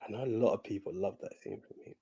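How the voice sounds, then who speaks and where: A man's voice: lowish voice, fairly even intonation, rapid-fire, vocal fry, dark tone, slightly rough. A man co-hosting a casual movie podcast, easygoing and chatty, laughing along with his friend. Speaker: podcast co-host. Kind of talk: casual chat.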